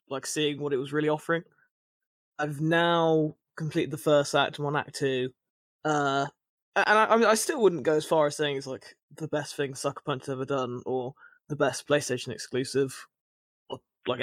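A man's voice: on the high side, a bit bright, dry recording. A man co-hosting a podcast, chatting casually and rambling, with frequent restarts and filler words. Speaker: podcast co-host.

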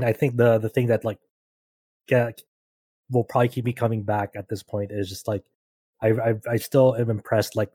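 A man with a low, mellow voice chatting on a podcast. He talks haltingly, repeating words and leaning on fillers as he thinks aloud. The sound is dry and close. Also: no room sound. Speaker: podcast co-host. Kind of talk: casual podcast chat.

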